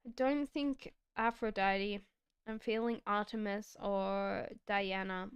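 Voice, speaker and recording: Slow, clear-voiced woman reading tarot. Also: medium pitch, steady tone, no room sound, studio quality. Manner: slow, reflective, chatty with giggles. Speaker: tarot reader. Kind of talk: live-stream card reading.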